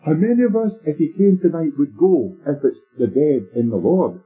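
A man with a somewhat high, husky voice delivers a sermon, telling stories in a measured, emphatic way. The recording is tinny and lo-fi, like an old sermon tape, with faint music underneath. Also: expressive. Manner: storytelling preacher, measured and emphatic. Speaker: preacher.

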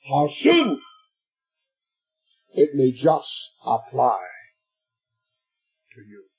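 Slow, husky preacher man. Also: a little high, animated, faint music behind, low-quality recording. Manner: slow and emphatic, swelling to shouts at climaxes. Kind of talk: sermon.

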